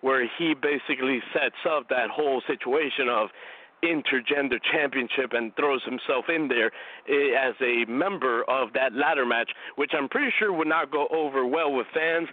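A man hosting a wrestling radio show alone, eagerly rambling through his opinions while a bit out of breath from a cold. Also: medium pitch. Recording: tinny phone-like dry line.

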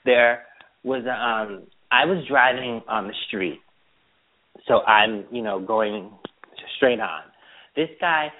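A man chatting as a podcast host, his pitch swinging widely as he tells stories and laughs often. The sound is thin and narrow, like a phone line. It is loose, casual talk among friends. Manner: animated storyteller, laughs often. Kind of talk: casual chat.

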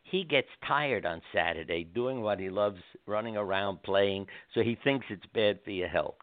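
A man's voice: lowish voice, normal speed, no room sound. Older man telling stories over phone. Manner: gentle, anecdotal, acts out quotes. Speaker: doctor and guest. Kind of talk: storytelling interview. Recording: dry phone line.

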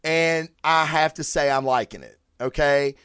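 A man's voice: on the high side, unhurried, smooth, no echo, studio quality. A man hosting his own podcast, ranting casually with lots of swearing and restarts. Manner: profane, animated, rambling with restarts. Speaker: podcast host. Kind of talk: casual solo podcast rant.

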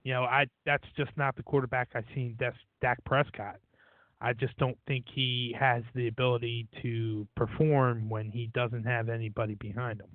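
A man's voice: medium pitch, level tone, moderate pace, dry recording. A man co-hosting a casual sports talk show, opinionated and leaning on "you know". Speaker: podcast co-host. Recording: dry, tinny phone-like audio.

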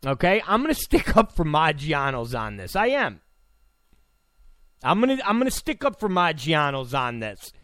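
A male talk show host delivering an incredulous, sarcastic rant, repeating himself and breaking into sudden shouts. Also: fairly high pitch, very animated, moderate pace, dry recording. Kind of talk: ranting commentary. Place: Los Angeles.

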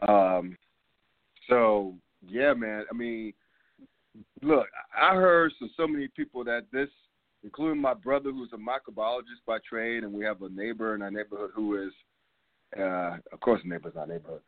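A man's voice: on the low side, moderate pace, no room sound. A man in his fifties hosting a casual sports talk show, loose and rambling, full of fillers and laughs. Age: 50s. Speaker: podcast host. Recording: phone-like line, dry sound.

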